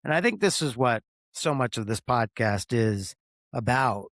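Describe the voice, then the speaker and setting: A man's voice: medium pitch, lively intonation, a little slow, fairly bright tone, no room sound, studio quality. A man hosting a podcast, giving reflective, affirming responses in casual conversation. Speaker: podcast host.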